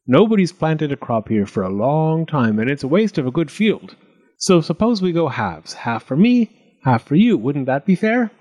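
A man's voice: on the high side, very animated, normal speed, warm tone, voice pushed up. A man voicing a crafty, determined male farmer in a storybook reading, his voice raised and emphatic.

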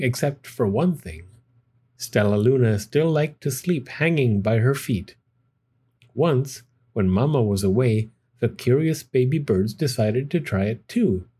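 Gentle, husky male storybook reader. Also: mid-range voice. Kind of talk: children's picture book read aloud.

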